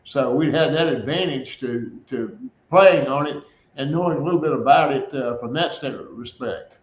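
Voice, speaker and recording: A man's voice: mid-range voice, normal speed. Older male guest, spins stories with frequent chuckles, echoey dull audio. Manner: chuckling storyteller, laughs often. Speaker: guest, former quarterback. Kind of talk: storytelling in a radio interview.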